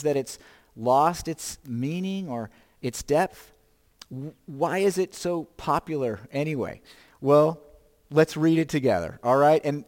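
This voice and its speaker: A long reverb tail trails the slightly mellow voice of this man in his fifties, which sits on the high side. Preaching as a pastor, he speaks conversationally, asks his congregation rhetorical questions, and pokes fun at himself.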